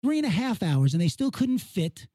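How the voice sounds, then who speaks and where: Emphatic high-voiced man chatting. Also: big pitch swings, moderate pace, dark tone, no echo. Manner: emphatic, enthusiastic, repeats himself. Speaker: podcast co-host. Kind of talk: casual chat.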